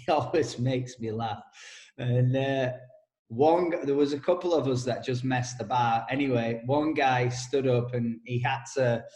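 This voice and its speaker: A man's voice: mid-range voice, darkish tone. Chatty man in a roomy echo. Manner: chatty storyteller, laughs often, quick asides. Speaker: co-host, personal development coach. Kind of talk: casual podcast chat.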